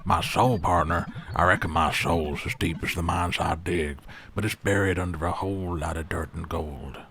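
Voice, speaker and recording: A man's voice: low voice, fairly even intonation, moderate pace, a bit bright, a little hiss or hum. A man voicing a drawling raccoon prospector. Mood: folksy. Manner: old-timey drawl, says "partner" and "reckon". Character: folksy male raccoon prospector, dreamy and wistful. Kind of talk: AI-voiced game character.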